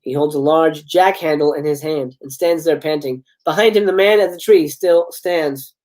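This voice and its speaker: A man's voice: on the high side, moderate pace, darkish tone. A man hosting a livestream, reading a film script aloud and breaking off to chat with viewers. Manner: reads stage directions then breaks off into casual commentary to viewers. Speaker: livestream host. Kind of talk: live script read-aloud with chatty asides.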